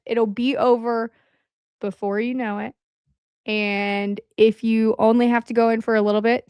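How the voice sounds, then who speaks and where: A woman hosting a casual livestream, rambling along in a chatty way and filling her pauses with "um.". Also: fairly high pitch, darkish tone, clear, resonant tone, no room sound, clean studio sound. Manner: rambling, with frequent "um" fillers. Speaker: livestream host. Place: at home.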